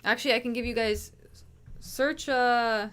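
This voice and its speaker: A woman's voice: fairly high pitch, fairly even intonation, a little slow, fairly bright tone, slight background noise. A woman hosting a livestream, chatting casually and rambling with swearing and lots of restarts. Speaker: livestream host.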